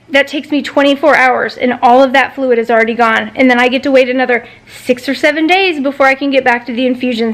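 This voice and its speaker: A woman in her thirties vents straight to camera in a high, bright-pitched voice. She retells a maddening phone call with mounting exasperation, swearing freely as she goes. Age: 30s. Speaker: vlogger. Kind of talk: ranting personal vlog.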